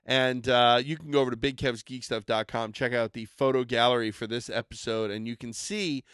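A man's voice: medium pitch, steady tone, a little fast, fairly bright tone, clean tone, no echo, clean studio sound. An enthusiastic man co-hosting a casual podcast, rambling a bit as he hypes collectible toys and products.

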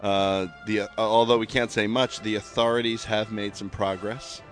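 A man's voice: fairly low pitch, level tone, normal speed, fairly bright tone, soft background music. A man hosting a casual podcast, joking and rambling with fillers, his throat a little sore. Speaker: podcast host. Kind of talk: casual chat.

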